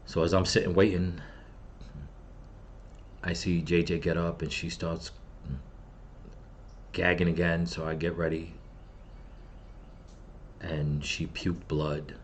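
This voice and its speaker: Deep-voiced man ranting in grief. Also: little pitch movement, slow, pauses often, a little hiss or hum. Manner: grieving, bitter, profane ranting. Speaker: channel host. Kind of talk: angry personal vlog rant.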